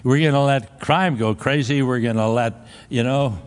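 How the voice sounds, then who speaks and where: A man's voice: medium pitch, moderate pace, big-room sound. A man preaching a conversational sermon, humorous and full of restarts and laughter.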